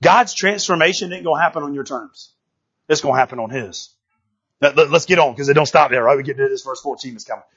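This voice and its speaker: Animated preacher with a husky voice. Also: male voice, a little high, fast talker, muffled recording. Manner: animated, call-and-response, frequent "right?". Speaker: pastor. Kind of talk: sermon. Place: church sanctuary.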